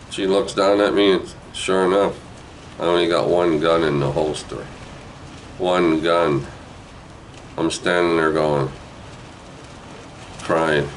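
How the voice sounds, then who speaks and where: Rambling low-voiced older New man. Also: steady tone, slow pace, pauses often, a little hiss or hum, low-quality recording. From New Brunswick, Canada. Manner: rambling, digressive, with frequent "eh" and "right". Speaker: storyteller. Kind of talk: casual spoken memoir.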